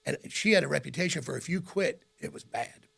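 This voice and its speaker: In a casual radio chat as host and guest, a middle-aged man with a Midwestern American accent spins animated stories, imitating the voices of those he quotes and laughing frequently. His voice is fairly high and husky, with vocal fry, and he talks fairly quickly.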